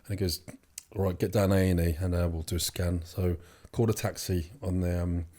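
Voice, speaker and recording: A man's voice: sits low, flat delivery, a little fast, warm tone. A young man telling his story as an interview guest, rambling with many fillers and restarts. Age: young adult. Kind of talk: casual storytelling.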